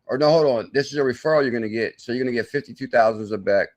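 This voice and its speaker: A man of middle pitch hosting a live crypto stream. He talks in an excitable, salesy way, breaking into loud exclamations, then mutters through sums and chart checks as he reads the viewer chat. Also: racing. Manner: thinks aloud while doing sums and checking charts. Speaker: crypto channel host.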